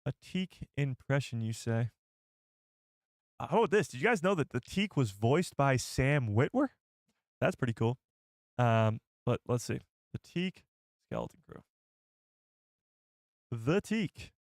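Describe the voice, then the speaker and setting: In an unhurried, sing-song voice at a middle pitch, a livestream host pauses often while he rambles, thinking aloud as he answers chat and looks things up. The recording is dry, free of room echo.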